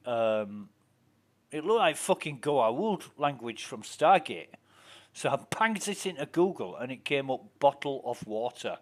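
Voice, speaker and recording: A Yorkshire man rambling through a story as he plays, with plenty of cursing along the way. His voice sits at an ordinary middle pitch, and his delivery is loose and conversational. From Yorkshire, England. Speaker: game streamer. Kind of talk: casual chat while gaming.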